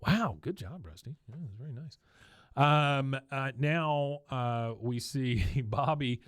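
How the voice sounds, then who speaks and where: A man's voice: mid-range voice, slow, no echo, studio quality. Chuckling man recapping a cartoon episode. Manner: lively retelling, chuckling often. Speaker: podcast co-host. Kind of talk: casual episode recap chat.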